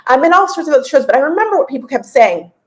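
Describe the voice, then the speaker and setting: A woman in her forties hosting a casual podcast and coaching listeners, chatty and lively, often laughing and repeating points for emphasis. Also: high-pitched, very fast, poor audio. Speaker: podcast host and business coach.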